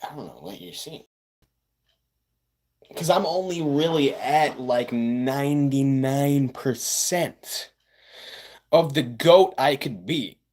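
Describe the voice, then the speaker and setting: A male streamer talking to his chat in an unhurried drawl. He hypes himself up and repeats lines for effect. His volume jumps from loud bursts down to low mutters. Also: lively intonation. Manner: boastful, self-hyping. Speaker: live streamer. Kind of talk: casual livestream chat with viewers.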